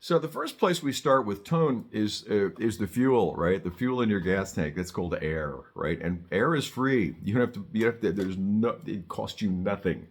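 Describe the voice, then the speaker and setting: Man, older, very low voice, sax teacher, chatty, wry asides. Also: lively intonation, normal speed, few pauses. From Southern California. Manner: chatty, joking asides, frequent restarts. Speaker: saxophone teacher. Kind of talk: casual on-camera music lesson.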